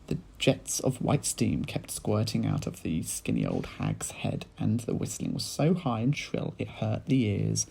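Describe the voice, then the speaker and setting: A male teacher reading a children's book aloud in lively storytelling style, speaking to his pupils. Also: lowish voice, measured pace, vocal fry, few pauses, slight background noise, low-quality recording. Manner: animated storytelling, addressing children.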